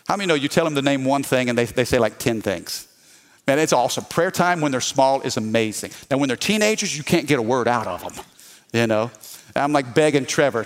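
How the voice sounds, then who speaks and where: A man, lively and calling for amens. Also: medium pitch, a little fast. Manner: lively preaching with call-and-response. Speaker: pastor. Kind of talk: sermon.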